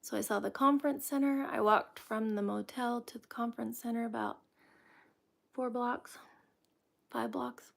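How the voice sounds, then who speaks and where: A woman hosting a casual cooking chat, rambling with restarts and often dropping into soft near-whispers. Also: fairly high pitch, fairly even intonation, normal speed, vocal fry. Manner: chatty and rambling, with frequent restarts. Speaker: host of a cooking chat stream. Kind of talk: casual chat while cooking, reading viewer comments.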